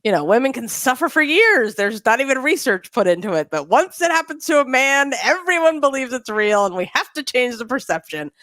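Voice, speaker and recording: A woman co-hosting a podcast, chatting casually with quick jokes and asides. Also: high-pitched, dry recording. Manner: animated, joking, quick asides. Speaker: podcast co-host. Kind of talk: casual chat.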